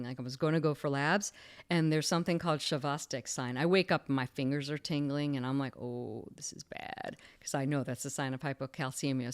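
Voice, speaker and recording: Low-voiced woman telling stories. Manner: lively anecdotal, acts out quoted people. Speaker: guest, former surgeon turned coach. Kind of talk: casual interview storytelling.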